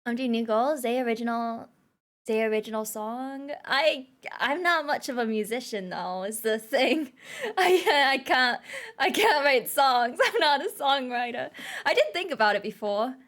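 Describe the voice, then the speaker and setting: Sitting high and sounding fairly bright, a young woman's voice is expressive and unhurried as she livestreams. She reads viewers' messages aloud and chats with them casually, playfully laughing a lot.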